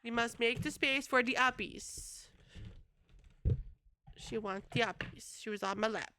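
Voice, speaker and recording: A woman's voice: fairly high pitch, measured pace, pauses often, bright, forceful tone, a little hiss or hum. A woman game streamer chatting casually to her live chat, rambling and swearing freely.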